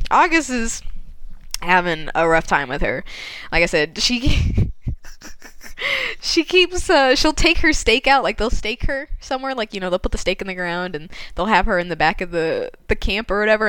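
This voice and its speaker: A woman's voice: medium pitch, very animated, moderate pace, a bit bright, smooth, dry recording. A woman casually retelling a story, chatty and laughing often, with lots of fillers.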